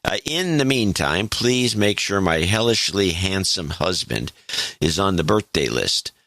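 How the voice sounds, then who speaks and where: A man's voice: sits low, animated, a little slow, a bit bright, no room sound. A man co-hosting a podcast, reading listener notes aloud with dry asides. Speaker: podcast co-host.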